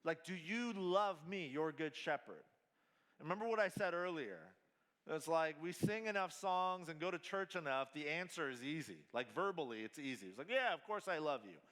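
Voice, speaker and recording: A man preaching a sermon at a family camp, slow and emphatic, mixing scripture with casual slang. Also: a little high, expressive, fairly bright tone. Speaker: pastor. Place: large hall at a family camp. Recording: hall reverb.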